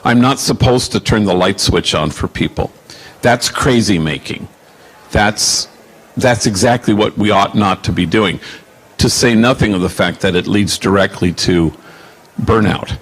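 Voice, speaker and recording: A man in his sixties with a lowish voice answers audience questions as a Jesuit priest. He tells stories slowly and reflectively, pausing with fillers as he searches for words. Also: husky. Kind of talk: Q&A storytelling.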